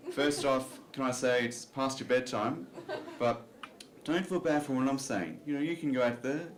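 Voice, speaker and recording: A man's voice: medium pitch, moderate pace. A man doing a stand-up comedy set on a club stage, talking in a loose, self-deprecating way full of "you know" fillers. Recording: roomy club recording.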